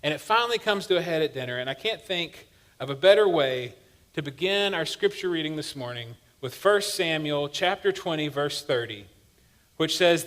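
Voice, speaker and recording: Man preaching a lively conversational sermon. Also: on the high side. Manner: conversational storytelling with humor. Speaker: pastor. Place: church sanctuary.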